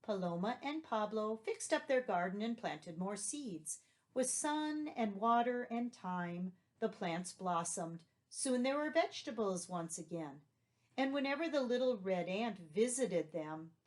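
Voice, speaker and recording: A woman teacher reading a children's story aloud and patiently explaining vocabulary and asking questions. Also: medium pitch. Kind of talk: read-aloud vocabulary lesson.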